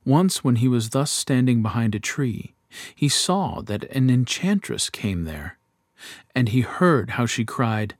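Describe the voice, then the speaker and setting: A man reads a fairy tale aloud in a slow, even, measured way. His pitch sits in the middle range. The recording is close and dry. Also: no echo. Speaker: narrator.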